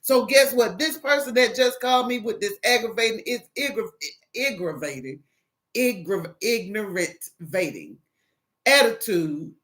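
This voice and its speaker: A woman with a Southern US accent giving a casual devotional talk, animated and preachy, acting out phone calls as she goes. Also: medium pitch, unhurried. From American South. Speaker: Christian single encouraging viewers.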